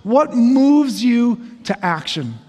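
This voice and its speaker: A man's voice: extremely high pitch, very animated, takes it slowly, warm tone. A man in his forties preaching a sermon, speaking in a conversational, self-deprecating way with humorous asides. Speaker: pastor. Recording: long reverb of a large hall.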